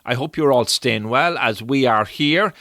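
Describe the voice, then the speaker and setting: A man hosting a podcast, introducing his guest from a studio in a measured, announcer-like way. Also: mid-range voice, sharp tone, no room sound. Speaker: podcast host. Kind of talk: scripted introduction. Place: recording studio.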